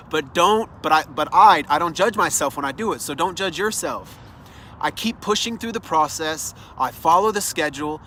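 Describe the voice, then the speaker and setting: A man's voice: on the high side, pushed and bright, a little hiss or hum. A man giving an earnest, encouraging motivational talk that speaks straight to the listener, recorded outdoors. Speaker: self-development speaker. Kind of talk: motivational monologue.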